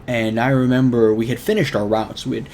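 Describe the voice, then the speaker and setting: A man's voice: medium pitch, fairly even intonation, a little fast, darkish tone, a little hiss or hum. A young man hosting his own show, telling a personal story in a rambling, earnest way full of fillers. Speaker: show host. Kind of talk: casual storytelling vlog.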